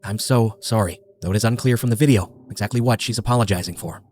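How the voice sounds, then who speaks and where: A man narrates true crime for a podcast in a grave, measured tone. His delivery moves quickly at a middle pitch. Each detail is laid out steadily, as a scripted reading. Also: a little mellow, a little hiss or hum.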